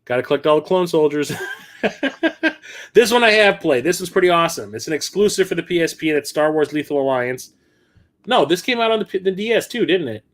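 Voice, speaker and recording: A man hosting a casual livestream, rambling and correcting himself as he talks, quick to laugh. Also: a little high, lively intonation. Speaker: livestream host. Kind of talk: casual livestream chat about his game collection.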